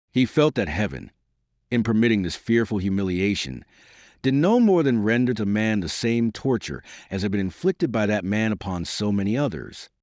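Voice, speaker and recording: A man narrating an audiobook in a measured, dramatic reading. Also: lowish voice, a little mellow, no echo, clean studio sound. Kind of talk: scripted narration.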